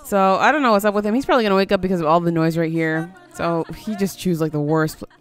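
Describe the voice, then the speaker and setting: Chatty woman narrating gameplay, low voice. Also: quick pace. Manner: chatty, easily surprised, talks to the game character. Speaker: let's play host. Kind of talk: casual gameplay commentary. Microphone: headphones on, desk mic.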